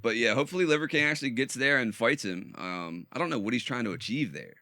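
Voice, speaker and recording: A man co-hosting a podcast in casual chat, telling stories with lively shifts of voice as he quotes people. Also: quick pace, no room sound, clean studio sound. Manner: animated storytelling, mimics quotes with big pitch swings. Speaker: podcast co-host.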